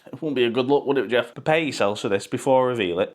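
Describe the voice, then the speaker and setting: A man's voice: medium pitch, rapid-fire. A man ranting sarcastically and swearing freely in a football fan vlog. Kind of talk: pre-match fan vlog rant.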